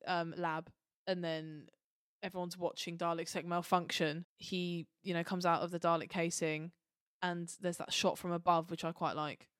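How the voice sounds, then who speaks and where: A woman's voice: lowish voice, clear, resonant tone, no room sound, clean studio sound. A woman co-hosting a podcast in casual chat, upbeat and leading the questions. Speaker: podcast co-host.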